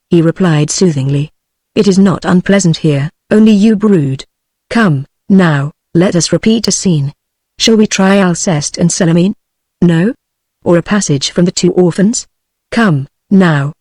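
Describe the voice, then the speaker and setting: A text-to-speech woman's voice with a British English accent, reading a classic novel aloud in an even, machine-read manner. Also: lowish voice, no echo, clean studio sound. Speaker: narrator. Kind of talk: synthetic audiobook narration.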